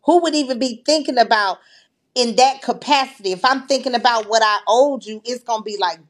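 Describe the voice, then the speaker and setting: A woman's voice: fairly high pitch, fairly quick. A woman, hosting a casual livestream and recapping a video in an agreeable, chatty way. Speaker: livestream host.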